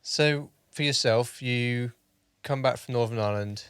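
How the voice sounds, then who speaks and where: A man's voice: mid-range voice, measured pace, a bit bright, clean tone, no echo. A man hosting a podcast interview, asking short questions and giving brief replies. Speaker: podcast host. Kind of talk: casual interview.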